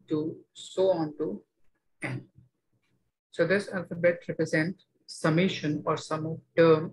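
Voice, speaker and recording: A man teaching a maths class, explaining each step slowly and checking that students follow. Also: on the high side, low-quality recording. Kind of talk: online maths lecture.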